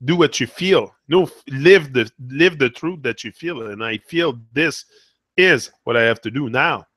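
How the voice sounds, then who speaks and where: A man's voice: mid-range voice, normal speed, fairly bright tone, no echo. A man who speaks French first, talking in English with a French accent, giving an earnest, rambling motivational talk. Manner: rambling, self-correcting, earnest. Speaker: motivational vlogger. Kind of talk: casual live motivational talk.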